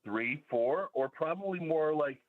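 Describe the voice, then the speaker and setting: A man's voice: fairly high pitch, lively intonation, measured pace. Male caller on a tinny phone line. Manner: methodical, lays out points in order, with many fillers. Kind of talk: call-in radio commentary.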